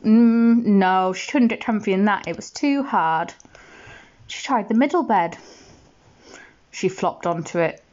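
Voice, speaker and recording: A woman reading a bedtime story aloud, gentle and expressive, asking the listener questions. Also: medium pitch, unhurried, highs cut off.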